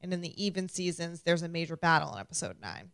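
A woman's voice: lowish voice, expressive, quick pace, vocal fry, a bit bright, no echo, studio quality. Wry young woman co-hosting a podcast. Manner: enthusiastic, wry asides, casual swearing. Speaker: podcast co-host. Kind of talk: casual chat reading listener comments.

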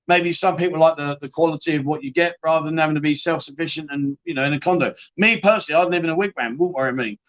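A man's voice: on the high side, fast, few pauses, fairly bright tone. A man hosting a casual live-stream chat show, reading out viewer comments and answering them bluntly, swearing freely and restarting his sentences often.

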